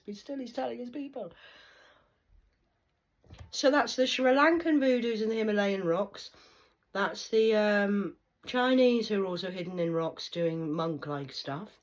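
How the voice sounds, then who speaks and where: Husky woman rambling erratically. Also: medium pitch, animated, moderate pace. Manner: erratic, rambling, jumping between ideas. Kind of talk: rambling monologue to camera.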